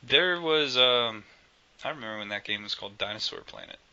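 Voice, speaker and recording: A man's voice: mid-range voice, lively intonation, brisk, bright, forceful tone, dull audio, slight background noise. A man co-hosting a casual gaming podcast, rambling and joking with lots of fillers and restarts. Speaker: podcast co-host.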